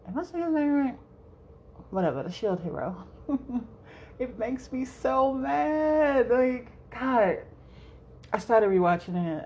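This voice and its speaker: A woman's voice: mid-range voice, mellow, a little hiss or hum. A young woman hosting a solo podcast, rambling casually, swearing freely and laughing often. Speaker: podcast host.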